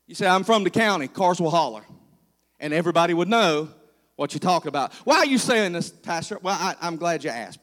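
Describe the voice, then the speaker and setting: Middle-aged male pastor, southern West Virginia accent, high voice, folksy humorous preaching, long church-hall reverb. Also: a bit bright. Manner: folksy storytelling, playful asides to the congregation. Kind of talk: humorous sermon.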